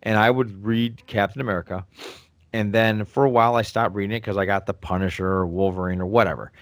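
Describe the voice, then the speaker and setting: Laid-back co-host, middle-aged man, lowish voice, dry recording, casual swearing storyteller. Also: fairly even intonation, fast talker, dry recording. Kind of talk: casual chat.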